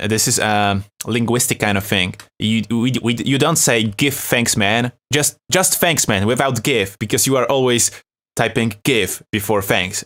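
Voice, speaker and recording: A man's voice: on the low side, a bit bright. Chatty Polish man streaming live. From Poland. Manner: chatty, laughs often, reads chat aloud. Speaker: beat-making livestream host. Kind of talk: casual live-stream chat.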